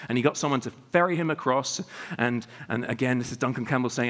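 A man preaching a sermon as a guest speaker, telling revival stories with emphatic rhetorical questions and animated delivery. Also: medium pitch, quick pace, long reverb tail.

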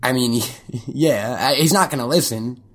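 A man's voice: mid-range voice, measured pace. A man hosting a podcast, chatting casually in a joking, profane, rambling way with lots of restarts. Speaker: podcast host.

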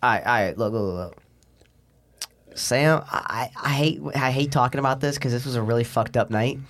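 A man's voice: medium pitch, normal speed, fairly bright tone. A young man as a podcast guest, telling a long story in a rambling, profane way and acting out the people in it. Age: young adult. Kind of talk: casual storytelling.

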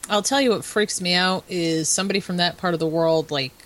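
A woman's voice: fairly low pitch, a little fast, fairly bright tone. A woman co-hosting a casual podcast chat, frank and swearing, laughing as she talks. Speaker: podcast co-host.

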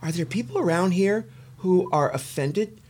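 A man's voice: sits high, animated, moderate pace, darkish tone, breathy edge. Camp playful guy hosting a podcast, voice all over the place, drawls "darling". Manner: playful, theatrical, camp phrasing. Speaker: podcast host. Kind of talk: casual chat.

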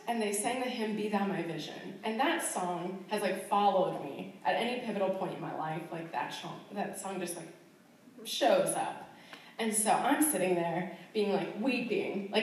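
A woman missionary telling her personal testimony in a chatty way, full of fillers and laughs, in a church hall. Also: medium pitch. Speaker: missionary sharing her calling. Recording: very echoey room, far from the mic.

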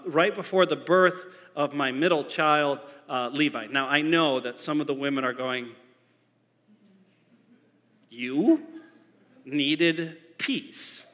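A male pastor delivers a sermon in a high, bright, forceful voice. He tells stories with animated energy and hammers points home through repetition. His voice rings with the long echo of a large church hall. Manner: animated storytelling with emphatic repetition.

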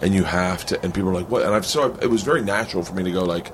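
A man's voice: low voice, rapid-fire, a little hiss or hum. A man hosting a casual chat with fellow comedians, telling stories animatedly and acting out what people said. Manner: animated storyteller, acts out quotes. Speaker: podcast host. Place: rented home.

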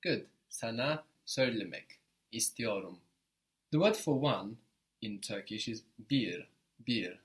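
A man's voice: mid-range voice, animated, slow. A man teaching a spoken language lesson, patiently explaining step by step and encouraging his student.

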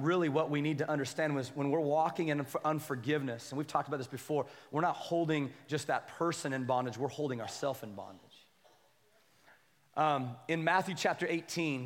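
A man preaching a sermon as pastor, reading scripture aloud and calling on the congregation for responses. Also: fairly high pitch. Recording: long hall reverb.

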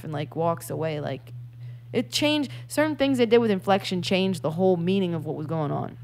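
A woman chatting casually about a movie, animated and swearing a lot as she acts out scenes. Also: on the low side, fairly quick, slight background noise. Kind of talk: casual chat, movie review.

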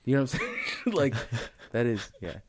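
A man's voice: medium pitch, lively intonation, normal speed, no echo. A young man from the Bay Area, rambling in casual comedic chat, swearing a lot and saying "you know what I'm saying". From San Francisco Bay Area.

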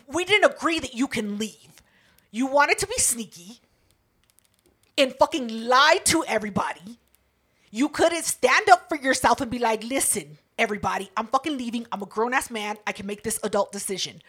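Profane, animated young woman co-host. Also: on the high side, normal speed, husky. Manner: blunt, profane, dramatic retelling. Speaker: podcast co-host. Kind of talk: casual chat.

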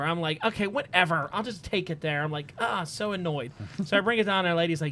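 A man's voice: fairly high pitch, fast talker, sharp tone. A man hosting a casual podcast, telling a rambling story and laughing as he talks. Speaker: podcast host. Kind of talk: casual chat.

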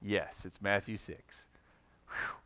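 A man's voice: fairly low pitch, fairly even intonation, slow, sharp tone. A man preaching a sermon in a conversational way, reading scripture and now and then acting out quoted voices. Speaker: pastor.

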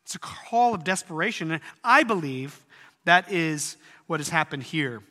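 A man preaching a sermon in earnest tones, rising at times to loud, emphatic peaks. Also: on the high side, animated, normal speed, in a large hall. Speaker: pastor.

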